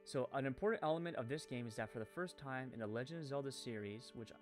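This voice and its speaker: Speaking quickly over soft background music, a medium-pitched man with a French-Canadian accent rambles through live-stream commentary, packed with fillers and self-corrections after his stumbles.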